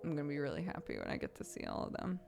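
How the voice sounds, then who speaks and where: A woman streaming, chatting casually, laughing often and getting animated when she retells stories. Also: low-pitched, rapid-fire, gravelly, music in the background. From United States. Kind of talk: casual livestream chat.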